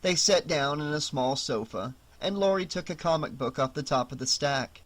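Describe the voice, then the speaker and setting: An audiobook narrator reading a horror novel aloud with expressive storytelling. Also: mid-range voice, moderate pace.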